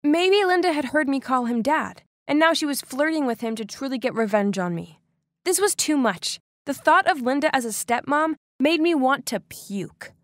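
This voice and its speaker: A woman narrating a first-person animated story in an expressive, dramatic way. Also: high voice, moderate pace, dry recording, clean studio sound.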